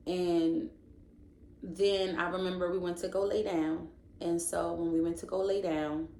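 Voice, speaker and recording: A woman's voice: on the low side, darkish tone, reverberant, a little hiss or hum. A woman sharing an emotional personal faith testimony, rambling and searching for words, then urging listeners on like a preacher.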